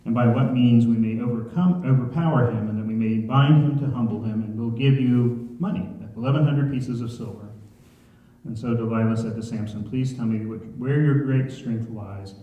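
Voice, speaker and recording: A man's voice: mid-range voice, moderate pace, dark tone. A man leading a church Bible study in a conversational way, often asking the congregation questions. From Ohio. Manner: conversational, asks the room questions. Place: church sanctuary. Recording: echoey church hall, dull sound.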